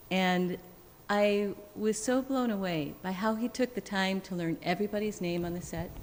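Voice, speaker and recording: A woman's voice: mid-range voice, darkish tone, slight background noise. A woman actress sharing an anecdote and asking earnest, encouraging questions at a panel. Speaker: actress, co-interviewer. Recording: echoey hall.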